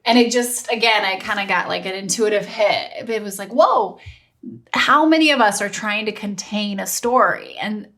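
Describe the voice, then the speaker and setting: Woman, podcast host, mid-pitched voice, reflective, casual chat. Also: normal speed, fairly bright tone.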